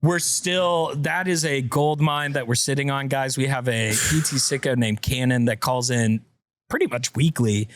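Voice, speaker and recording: A man's voice: mid-range voice, normal speed, no echo. A man hosting a casual podcast, chatting playfully and reading listener messages aloud. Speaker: podcast host.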